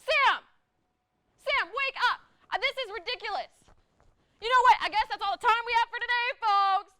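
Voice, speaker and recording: A flustered TV cooking host, played by a woman, chirps through her recipe in a very high, bright voice. She loses patience and scolds the crew in bursts. The sound is close and dry. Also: quick pace, no room sound. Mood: exasperated. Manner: cheery then exasperated, scolding crew. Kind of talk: sketch comedy acting. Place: TV studio set.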